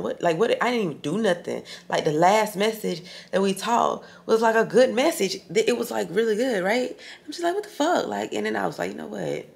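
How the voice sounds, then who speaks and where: Woman vlogging from her hotel room, low gravelly voice, cusses a lot, calls everyone y'all. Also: slight background noise. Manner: chatty, frank and profane, addresses viewers as y'all and friend. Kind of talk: casual vlog chat to camera.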